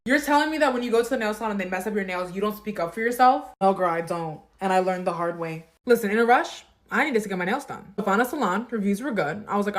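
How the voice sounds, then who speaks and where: A woman's voice: medium pitch, expressive, fast, few pauses. A young woman in an everyday middle register talks straight to her followers, sassy and theatrical. She pokes fun at herself and throws in big dramatic emphasis. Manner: sassy, dramatic, self-mocking. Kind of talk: storytime vlog.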